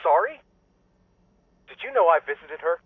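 An actor playing a resentful adult son who speaks in clipped, accusing lines over the phone. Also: male voice, a little high, big pitch swings, normal speed, breathy edge, no room sound. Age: adult son with kids. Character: bitter grown son, cold and accusing. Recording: dry tinny phone line.

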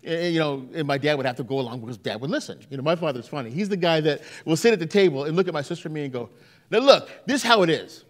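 A man's voice: on the high side, very fast, hardly any pauses. A male pastor preaching a sermon in a church, telling stories and acting out the quotes. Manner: animated storytelling with acted-out quotes.

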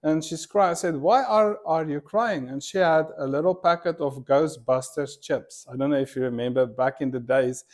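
A man's voice: mid-range voice, steady tone, moderate pace, few pauses, darkish tone. A male pastor giving a sermon in a casual, storytelling way, with many fillers and asides. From from abroad, not from Korea.

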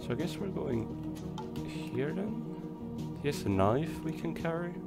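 A young man casually commenting on his gameplay, chatty and swearing, his voice hoarse from coughing. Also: a little high, sing-song, a little slow. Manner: chatty, swears, talks to creatures on screen. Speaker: let's play gamer. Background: game music.

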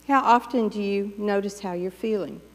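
A woman's voice: mid-range voice, normal speed, in a large hall. A woman pastor giving a sermon in a conversational, playful way, acting out the voices of everyday thoughts. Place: church sanctuary.

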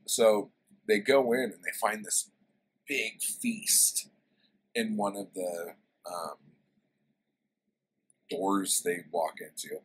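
A man's voice: on the low side, fairly even intonation, takes it slowly, pauses often, breathy edge, poor audio. A man casually retelling a favorite story in a book review, rambling and swearing with lots of fillers.

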